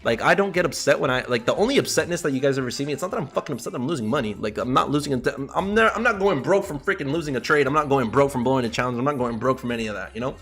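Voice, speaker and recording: A man's voice: medium pitch, racing, few pauses, soft background music. A man hosting a live trading stream, chatting casually with his viewers, swearing often and repeating himself when he makes a point. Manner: profane, animated, repeats himself, talks to chat. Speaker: livestream trading host. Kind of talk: casual livestream chat.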